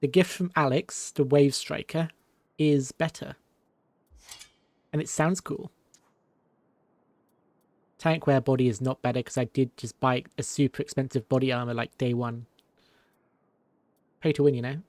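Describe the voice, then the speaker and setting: A man's voice: mid-range voice, fairly even intonation, unhurried, pauses often, darkish tone, dry recording. A male streamer chatting casually while playing a video game, laughing often. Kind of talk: game commentary.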